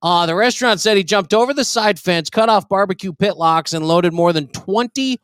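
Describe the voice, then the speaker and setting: A man's voice: high-pitched, normal speed, fairly bright tone, smooth, no echo, studio quality. A man hosting a comedy podcast, telling crude stories with a profane, wisecracking manner. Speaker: podcast host.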